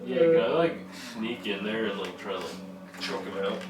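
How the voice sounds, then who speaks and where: Hesitant low-voiced man playing a tabletop game. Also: lively intonation, normal speed, crowd noise. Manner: hesitant, stumbling over words. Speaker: tabletop player. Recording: echoey room from far off, music behind.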